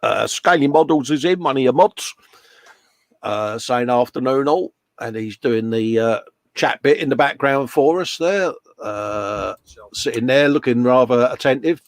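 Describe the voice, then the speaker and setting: Man, live show host, gravelly voice, dry sound, chatty and laughing. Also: medium pitch, a little slow, no echo. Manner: chatty, laughing, reads out viewer comments. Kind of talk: casual chat. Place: home workshop.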